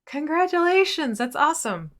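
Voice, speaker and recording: A woman's voice: high voice, sing-song, normal speed, a bit bright. Woman painting on stream, laid back, short agreeable comments. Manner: easygoing, brief agreeable replies. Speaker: stream co-host painting miniatures. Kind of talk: casual chat on a live painting stream.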